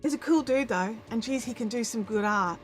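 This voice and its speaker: A woman's voice: on the high side, a little fast, faint music behind. A woman with an Australian accent hosting a live stream, chatting casually to viewers in a rambling way with lots of restarts, on a good microphone. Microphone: good studio microphone.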